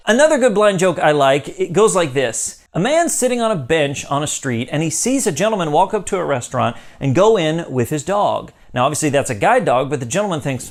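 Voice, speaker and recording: A young man talks straight to the camera in his own channel's relaxed, chatty style. His voice sits a little high for a man and swings up and down a lot. He sounds upbeat, laughs easily and slips into playful voices for the lines he quotes. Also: fast talker, few pauses. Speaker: YouTube host. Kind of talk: casual talk to camera.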